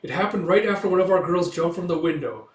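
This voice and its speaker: A man doing a loud indignant townswoman. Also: sits high, animated, fast, voice pushed up. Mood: protective. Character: indignant townswoman scolding soldiers. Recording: echoey room.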